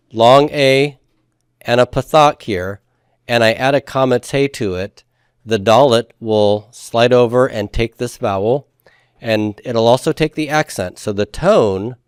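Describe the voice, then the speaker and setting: A man teaching a grammar lesson at an average pitch, recorded close and dry with no room sound. He explains step by step with patience and keeps having the class repeat forms back to him. He drops in folksy comparisons along the way. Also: clean tone, dry recording. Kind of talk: classroom lecture.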